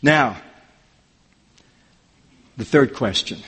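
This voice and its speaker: Animated man preaching in a reverberant hall. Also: mid-range voice, extremely slow, breathy edge. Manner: animated, emphatic, rising to near-shouts for questions. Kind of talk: expository sermon.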